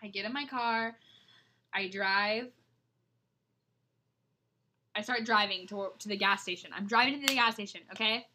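A young woman co-hosting a podcast, telling her stories in an animated, dramatic way in casual chat. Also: mid-range voice, moderate pace, pauses often, a little hiss or hum. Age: young adult. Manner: animated storytelling, dramatic retellings. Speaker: podcast co-host.

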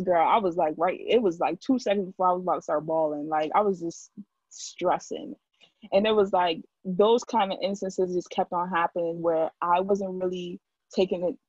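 A woman's voice: fairly low pitch, a little mellow, slightly rough, no echo, lo-fi sound. A young woman talking in a casual chat, filling her speech with "like" as she tells her story. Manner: talkative, heavy use of "like". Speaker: guest.

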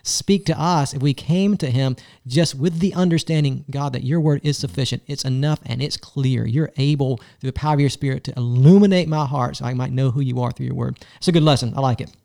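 A man co-hosting a talk, making measured, emphatic teaching points. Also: medium pitch, gravelly, dark tone. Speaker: co-host. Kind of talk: teaching in conversation.

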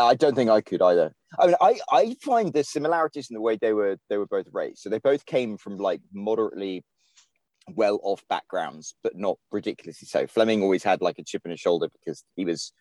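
British man, low mellow voice, dry close sound, rambling podcast guest, lots of fillers. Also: animated, brisk, dry recording. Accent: British English. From England. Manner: rambling, many fillers and restarts. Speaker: guest writer. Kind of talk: casual podcast chat.

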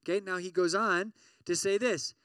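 A male campus preacher with a high, bright voice gives a lively, conversational sermon. He keeps checking in with his listeners and sometimes bursts out loud as he acts out everyday worries. The sound is dry and close, with no room echo. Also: moderate pace, distant mic. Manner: animated, often checks in with "right?" and "okay?".

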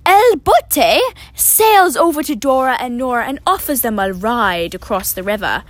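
A woman reading a children's storybook aloud in an expressive way. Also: on the high side, moderate pace, no room sound. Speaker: reader.

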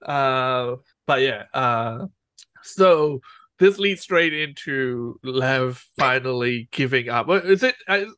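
A man's voice: mid-range voice, expressive, slow pace, pushed and bright, smooth, no echo. A man co-hosting a podcast, rambling through a casual TV episode recap and laughing at his own jokes. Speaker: podcast co-host.

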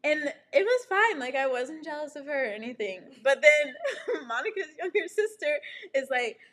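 A woman's voice: high voice, normal speed. A young woman chatting casually and telling stories with lots of laughter and "like" fillers. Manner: animated storytelling, frequent laughter and "like" fillers. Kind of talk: casual chat.

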